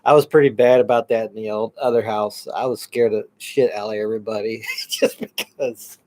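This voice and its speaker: A man's voice: lowish voice, steady tone, moderate pace, a little mellow. A man co-hosting a paranormal show in loose, rambling chat, laughing often and swearing casually. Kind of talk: casual live-stream chat.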